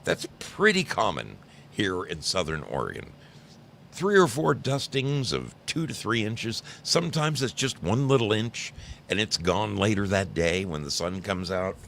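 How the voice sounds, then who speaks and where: A man's voice: lowish voice, very animated, a little slow, vocal fry, fairly bright tone, slight background noise. A man in his sixties from New Jersey, hosting a livestream and chatting casually with viewers, teasing and rambling through stories. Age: 60s. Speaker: livestream host. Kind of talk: casual chat with live chat viewers.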